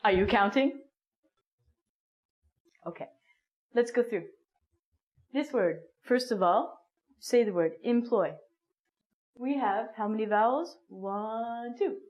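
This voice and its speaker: Female English teacher, slow deliberate delivery, slightly high voice, muffled lo-fi recording. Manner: slow, clear, animated teaching with dramatic gasps. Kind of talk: online phonics lesson. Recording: dull lo-fi sound.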